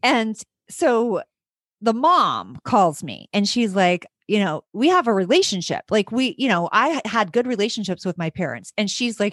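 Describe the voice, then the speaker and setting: Animated woman telling a story. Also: mid-range voice, moderate pace, dry recording, studio quality. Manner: animated, acts out voices in her story. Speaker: teacher. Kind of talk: casual storytelling chat.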